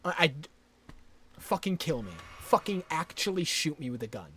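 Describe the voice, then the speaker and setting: Young male streamer, high and very animated, swearing rants at his game. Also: normal speed, a little hiss or hum. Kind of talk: live gameplay commentary.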